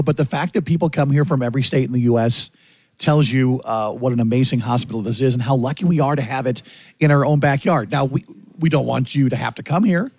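A man's voice: medium pitch, darkish tone, no room sound. A male radio host leading a morning fundraiser chat, upbeat and urging listeners to call in.

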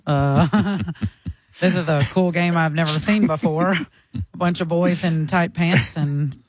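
A man putting on a goofy radio host calling a ballgame, rambling and halting with bemused pauses. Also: a little high, fairly even intonation, slight background noise, pitched above the performer's own voice.

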